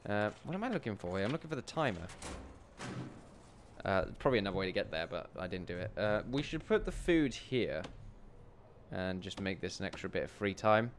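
A man giving rambling gameplay commentary, chatty and self-amused, who often laughs and calls his viewers ladies and gentlemen. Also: on the low side, slight background noise. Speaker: let's play commentator.

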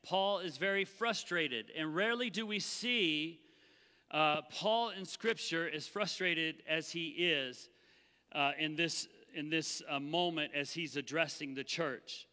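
Pastor, male, high and very bright voice, animated sermon, church hall reverb. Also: takes it slowly, smooth. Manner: animated, acts out the Bible voices. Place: church sanctuary.

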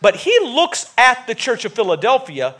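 A male pastor preaching a sermon in a church, animated and joking as he tells stories. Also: very high voice, moderate pace. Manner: animated, jokey storytelling preaching. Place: church sanctuary.

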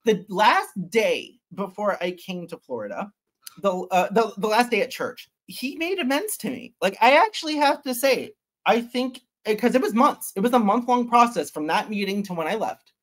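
A man as an interview guest, retelling a personal story in an animated, intense way with sudden loud bursts. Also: high-pitched, normal speed.

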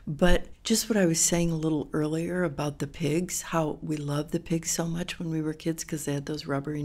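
A woman, a writer, talking candidly in an interview and telling lively stories. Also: deep voice. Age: older. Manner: candid, animated storytelling. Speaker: guest writer. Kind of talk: casual interview conversation.

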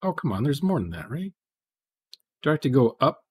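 A man's voice: mid-range voice, big pitch swings, fairly quick, darkish tone, breathy edge. A man hosting a programming livestream, rambling in casual chat and muttering to himself as he codes. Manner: rambling, muttering asides while coding.

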